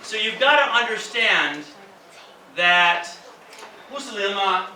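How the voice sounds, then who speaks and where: A man's voice: sits high, animated, slow, background noise. A man teaching an English lesson in a classroom, explaining intonation and acting out exaggerated example phrases. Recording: echoey classroom from a distance.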